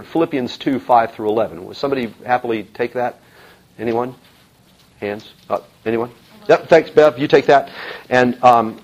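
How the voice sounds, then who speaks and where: A man teaching a Bible class in an emphatic, animated way, with frequent ums and uhs. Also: mid-range voice, husky. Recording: dull lo-fi recording.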